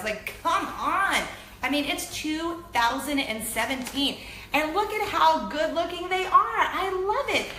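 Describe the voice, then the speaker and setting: A woman in her thirties hosting a weekly web show, chatting casually to camera in an animated, self-deprecating way. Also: on the high side. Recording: echoey room with faint noise.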